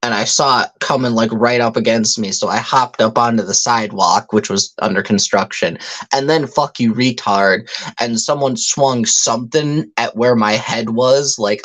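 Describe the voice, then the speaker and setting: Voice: mid-range voice, fairly bright tone. A speaker in casual podcast chat, telling profane stories in a frustrated way with many restarts. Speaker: podcast co-host.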